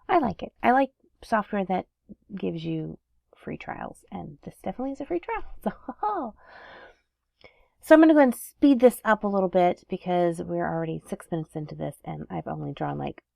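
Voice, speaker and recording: A woman with a congested, stuffy nose talks in a low, heavily gravelly voice. She chats in a relaxed way, full of ums and small restarts. The sound is close and dry. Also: no echo. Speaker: animation artist and channel host. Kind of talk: casual chat while drawing.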